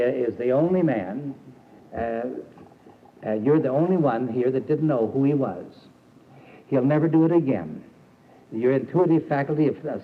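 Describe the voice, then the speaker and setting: An older man giving a folksy, emphatic sermon to a camp audience, with fillers and restarts. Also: medium pitch. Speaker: preacher and camp founder. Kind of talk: old recorded sermon. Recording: tinny archival tape with faint hiss.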